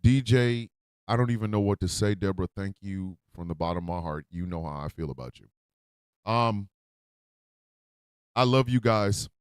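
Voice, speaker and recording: An older man hosting a morning radio show, ranting with passion, shouting and repeating himself, then falling quiet and subdued. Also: lowish voice, moderate pace, pauses often, smooth, no echo. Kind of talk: impassioned on-air rant. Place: radio studio.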